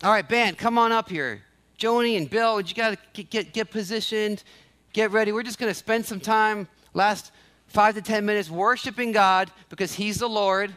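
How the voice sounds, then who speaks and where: A man's voice: high-pitched, moderate pace, a bit bright. A male pastor preaching a sermon, acting out quoted prayers and repeating key phrases for emphasis. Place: church sanctuary.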